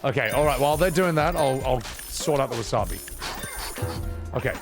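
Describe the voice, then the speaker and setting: A man streaming a game, chatting casually with his viewers in animated, joking, self-deprecating rants. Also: mid-range voice, moderate pace, music in the background.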